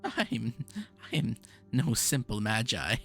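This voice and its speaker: Casting: man doing a pompous eccentric mage, gravelly, swoops up and down a lot. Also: medium pitch, sing-song, slow, fairly bright tone, soft background music, exaggerated voice. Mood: grandiose. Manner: pompous, theatrical, touchy. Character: grandiose eccentric male mage, game's creator.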